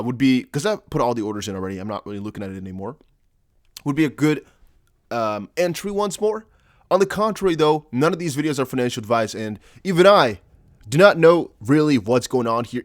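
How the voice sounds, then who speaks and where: A man's voice: on the high side, no room sound, studio quality. A man with an American-ish accent hosting a casual crypto vlog, chatty and rambling, with jokey asides. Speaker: crypto YouTuber.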